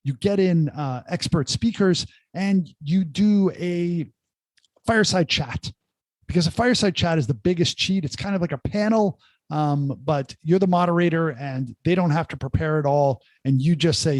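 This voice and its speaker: Middle-aged male entrepreneur guest, lively raconteur with quips, slightly high voice, dry sound. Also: moderate pace, no echo. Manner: animated storyteller, jokey asides. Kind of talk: casual podcast interview. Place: remote call.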